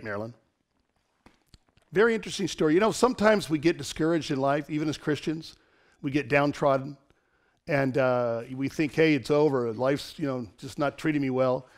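A middle-aged man preaches an online sermon with a lively, joking manner, and he laughs between lines. His voice sits fairly high for a man. He throws himself into dramatic storytelling. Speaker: pastor.

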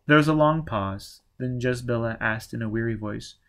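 A man narrating a novel aloud in a steady, plain reading manner. His voice sits at a middle pitch. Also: normal speed, few pauses. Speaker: audiobook reader. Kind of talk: audiobook narration.

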